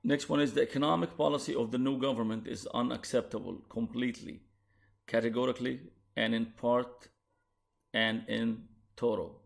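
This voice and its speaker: Gravelly-voiced male lecturer with an Arabic accent. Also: medium pitch, steady tone. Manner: measured, explanatory, with restarts. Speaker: university lecturer. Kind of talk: recorded lecture on translation.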